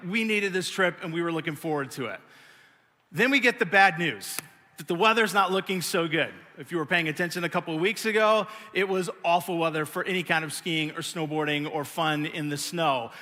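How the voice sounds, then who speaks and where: A middle-aged man preaching a sermon, telling stories with animated, self-mocking energy. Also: high voice. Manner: animated storytelling, acting out his own pouting. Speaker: pastor. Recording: long hall reverb.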